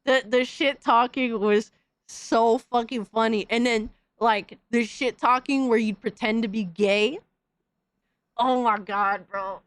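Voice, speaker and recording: A woman's voice: a little high, steady tone, slow, no echo. A woman hosting a podcast, delivering a heated, profane, slang-filled rant in casual commentary. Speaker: podcast host.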